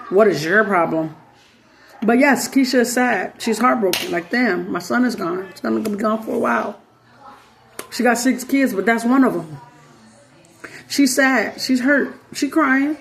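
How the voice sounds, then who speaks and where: Animated slangy woman telling a story. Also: medium pitch. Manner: animated, slangy, acts out quoted voices. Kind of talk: casual storytelling commentary.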